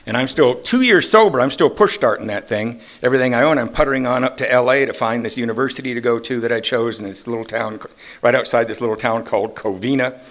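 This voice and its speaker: A man's voice: mid-range voice, a bit bright. A man in his sixties sharing his personal recovery story at a meeting, with self-deprecating humor and casual questions to the audience. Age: 60s. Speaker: AA meeting speaker. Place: meeting hall.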